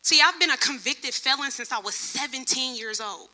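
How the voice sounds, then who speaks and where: Young woman preaching a testimony sermon, high and very bright, animated storyteller. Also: normal speed. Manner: lively storytelling, acts out other people's voices. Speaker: church speaker.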